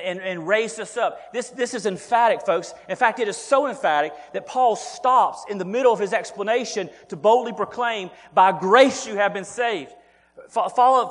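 A man delivers a sermon in an earnest, driving way, often doubling his words as he pushes a point and calling his listeners folks. His voice sits high for a man. The sound rings with the long reverb of a church sanctuary. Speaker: pastor.

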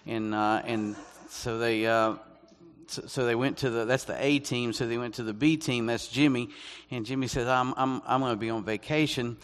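A man preaching as a guest speaker, conversational and self-deprecating, reading scripture slowly and deliberately. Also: mid-range voice, steady tone, clear, resonant tone. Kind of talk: sermon. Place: church sanctuary. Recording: long echo of a church hall.

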